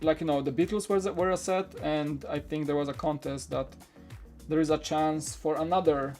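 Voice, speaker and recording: A man's voice: a little high, steady tone, normal speed, a little mellow, soft background music. A man hosting a toy-building live stream, chatting casually and candidly while answering viewer questions in a rambling way. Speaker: Lego channel host.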